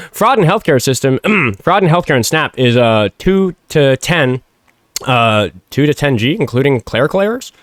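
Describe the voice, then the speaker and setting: A Minnesota man hosting a livestream talk show swears heavily and yells combatively at a caller, then drops to a low mumble while reading donation messages. His voice is hoarse from shouting, and the recording is studio quality with no room sound.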